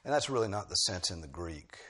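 A man's voice: deep voice, expressive, brisk, a bit bright. A male preacher delivering an expository sermon, pressing key phrases with emphatic bursts.

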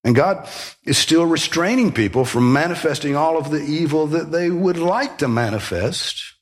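A man preaching a sermon, emphatic, with rhetorical questions and sudden rises in emphasis. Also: mid-range voice. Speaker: pastor.

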